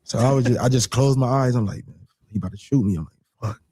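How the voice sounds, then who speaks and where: A man casually telling a personal story, animated and repeating phrases as he acts out what people said. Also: medium pitch, fast talker, husky.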